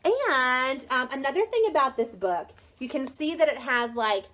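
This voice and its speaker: A high-pitched, bright-toned woman chats casually on a live stream about children's books she sells. She gushes with enthusiasm and rambles from point to point, stopping for fillers along the way. Her voice is light, lifted and sharp. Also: animated, moderate pace. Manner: gushing, enthusiastic. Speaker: children's book consultant.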